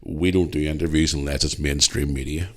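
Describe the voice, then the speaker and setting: A man's voice: extremely low pitch, fairly even intonation, fairly quick, pitched below the performer's own voice. A man with a Northern Irish accent quoting an earnest male climate protester in his forties, who stammers and insists. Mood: insistent. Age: 40s.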